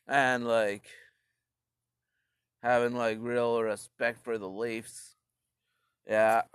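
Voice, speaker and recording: A man riffs through a crude, rambling comedy rant, swearing freely. He talks slowly in a smooth, clear voice. The sound is close and dry. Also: medium pitch, little pitch movement, no room sound. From Canada.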